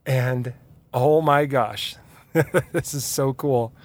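A man's voice: mid-range voice, very slow. A man hosting his own podcast, talking casually and with energy, laughing easily and drifting into side notes. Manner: animated, laughs easily, digresses. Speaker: podcast host. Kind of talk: casual solo podcast talk.

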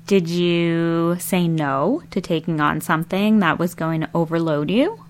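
A woman's voice: fairly low pitch, unhurried. A woman host delivering a scripted closing segment, speaking directly and motivatingly to listeners. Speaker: podcast host. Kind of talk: scripted outro address to listeners.

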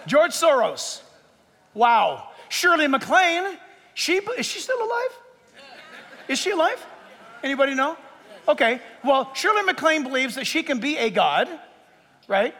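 A man preaching a sermon as pastor, lively and joking as he walks through numbered points. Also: very high-pitched, unhurried, pauses often, long reverb tail, some chatter behind. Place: church sanctuary with a live audience.

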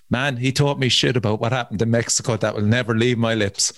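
A man with an Irish accent hosting a casual chat, telling animated stories and swearing freely. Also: mid-range voice, fast talker, hardly any pauses, no room sound. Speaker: podcast host.

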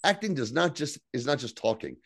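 A man's voice: medium pitch, very animated, a little fast, fairly bright tone, slightly rough, no echo, studio quality. A man co-hosting a casual podcast, recapping a show in a loose, profane way. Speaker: podcast co-host.

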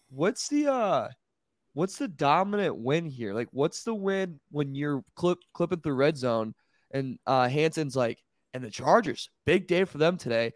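A man's voice: dry recording, clean studio sound. A man co-hosting a sports podcast, talking animatedly and incredulously. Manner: animated, incredulous, jumps up in pitch. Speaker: podcast host. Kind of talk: casual sports talk.

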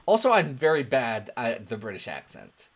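A man's voice: medium pitch, normal speed. A man co-hosting a casual comics podcast, joking around and slipping into mock accents. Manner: jokey, animated, mock accents. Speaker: podcast co-host.

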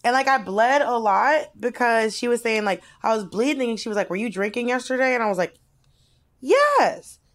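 A woman chats casually on a podcast and tells a story with lively expression. Her voice moves up and down as she talks. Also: a little high, brisk, few pauses. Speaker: podcast co-host.

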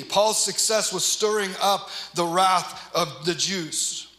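A man's voice: high voice, moderate pace, few pauses, bright, forceful tone, reverberant, low-quality recording. A man teaching a Bible study as pastor, reading passages aloud and explaining them in an earnest, emphatic way with casual asides.

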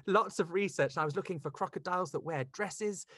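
A man hosting a podcast, chatting with a guest in an animated, gushing, theatrical way. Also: high-pitched, brisk, a little hiss or hum. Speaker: podcast host. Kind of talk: casual interview chat.

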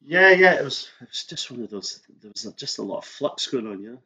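A middle-aged Scottish man who grew up in Scotland, a guest in a casual interview, telling stories in a relaxed way and laughing easily. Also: medium pitch, brisk, slightly rough, lo-fi sound.

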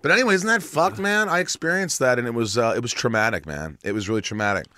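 A man telling a dramatic personal story in casual chat, animated and acting out dialogue, swearing freely. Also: medium pitch, fast talker.

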